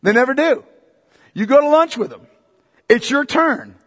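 A man preaching a sermon as pastor, emphatic and repetitive, swinging between loud and hushed delivery. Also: very high voice, animated, normal speed, big-room sound.

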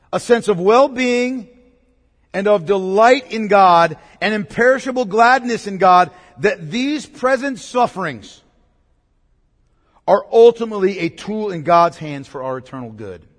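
Animated pastor preaching in a hall. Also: male voice, sits high. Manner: emphatic, repeats key words, asks the congregation questions. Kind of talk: sermon. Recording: long reverb of a large hall.

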